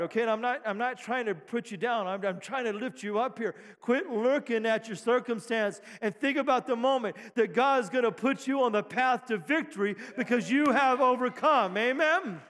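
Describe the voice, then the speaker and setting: High-voiced preacher in a reverberant hall. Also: male voice. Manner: rousing preaching, calls of amen, shouting at peaks, jokes with congregation. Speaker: pastor. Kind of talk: sermon. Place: church sanctuary. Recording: long reverb of a church hall.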